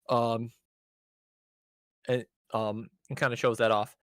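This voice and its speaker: A man's voice: mid-range voice, flat delivery, takes it slowly, pauses often, fairly bright tone, clean tone, no room sound, clean studio sound. A man casually recapping an anime episode on a podcast, rambling with fillers and swearing. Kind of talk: casual chat.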